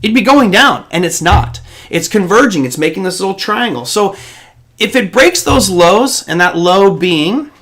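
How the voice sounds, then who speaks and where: A man's voice: sits high, expressive, normal speed, a bit bright. A man hosting a live trading show, explaining stock charts in a loose, conversational way. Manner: conversational and explanatory, with frequent ums and restarts. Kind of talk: live market commentary.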